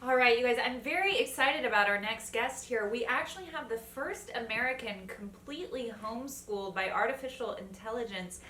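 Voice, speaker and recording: A woman co-hosts a comic news show, landing dry punchlines after each item. Her voice is bright and picked up from a distance in an echoey room with faint noise. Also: fairly high pitch, brisk, few pauses. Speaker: news co-host.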